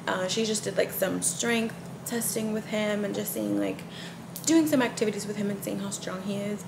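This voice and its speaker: A woman's voice: mid-range voice, normal speed, creaky, reverberant, background noise. A young woman chatting casually in a home vlog, gushing and full of "like.". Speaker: vlogger.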